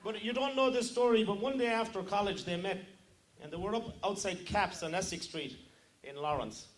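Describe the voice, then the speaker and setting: A man's voice: high-pitched, moderate pace. A man with an Irish accent telling jokes at a luncheon in a teasing, chatty, self-mocking way. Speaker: joke teller at a luncheon. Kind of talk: stand-up joke telling. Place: luncheon room. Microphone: handheld microphone.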